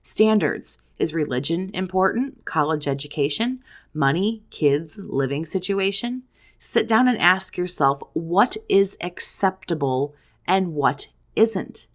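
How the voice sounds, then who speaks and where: A woman's voice: fairly low pitch, lively intonation, unhurried. A woman hosting a self-help video, giving blunt, profane advice to the camera in strings of rhetorical questions. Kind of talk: direct-to-camera advice talk.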